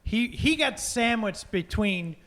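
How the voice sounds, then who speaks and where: A man's voice: high voice, lively intonation, takes it slowly, fairly bright tone. A man chatting as a podcast guest, making wry, teasing remarks in short bursts. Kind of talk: casual chat.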